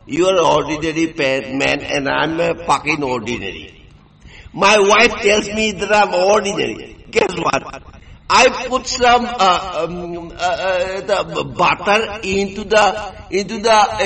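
Boastful tipsy man, high-pitched and slow. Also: creaky, pushed and bright, poor audio. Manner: crude, boastful, stammering with many fillers. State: tipsy from drinking. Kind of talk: rambling monologue.

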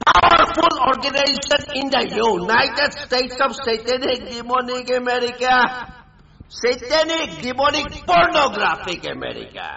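A man delivering an angry, threatening rant, shouting erratically in a dull lo-fi recording. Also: very high voice, gravelly. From India.

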